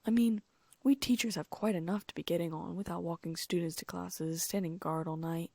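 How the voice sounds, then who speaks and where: A woman's voice: fairly low pitch, fairly even intonation, brisk, vocal fry, warm tone, no room sound. A woman doing a pompous vain male wizard teacher.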